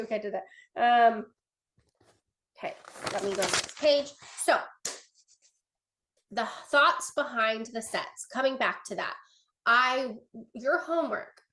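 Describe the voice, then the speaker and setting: A woman's voice: on the high side, a bit bright. Chatty woman leading a sales training. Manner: chatty, earnest, many fillers and restarts, reads from notes. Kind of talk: casual training talk.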